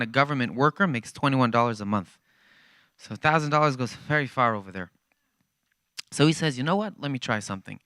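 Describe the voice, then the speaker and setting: Bright, clear-voiced male storyteller. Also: mid-range voice, dry recording. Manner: animated storyteller acting out dialogue. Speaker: guest speaker at a church. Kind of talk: storytelling talk to a congregation. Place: church.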